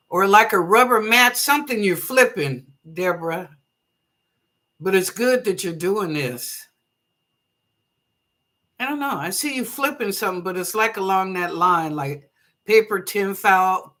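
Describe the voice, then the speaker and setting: A woman's voice: medium pitch, sharp tone. A woman hosting live online psychic readings. She reads viewers' questions aloud, then interprets them in a chatty, easygoing way, laughing often and blessing her callers. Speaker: psychic reader and show host.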